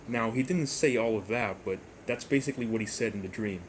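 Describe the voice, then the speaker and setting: A young man hosting a storytime vlog, rambling and jokey, with deadpan asides. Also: lowish voice, fairly quick, hardly any pauses, slight background noise. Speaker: YouTuber storyteller.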